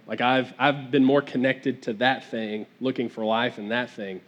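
A man's voice: mid-range voice, highs cut off. A man preaching a sermon in a conversational, earnest way, often restarting his phrases.

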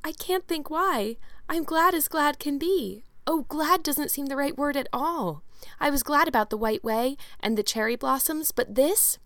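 A woman's voice: on the high side, lively intonation, brisk, no echo, natural voice. Woman voicing an eager imploring orphan girl. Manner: breathless, imploring, dreamy. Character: eager talkative orphan girl, about eleven.

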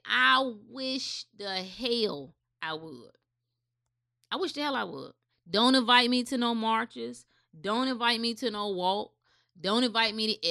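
A woman's voice: on the high side, pushed and bright. Impassioned woman ranting bluntly. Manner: blunt, impassioned, swearing, addressing listeners directly. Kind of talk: unscripted opinion rant.

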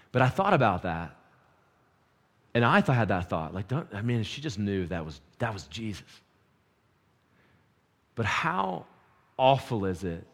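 A man preaching a sermon, shifting from loud urgent peaks to quiet intense lows, with casual slang.

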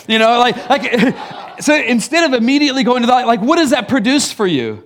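High-voiced man giving a casual sermon. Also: lively intonation, brisk, fairly bright tone. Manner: casual and teasing, many fillers and restarts, chuckling asides. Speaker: pastor. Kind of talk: conversational sermon.

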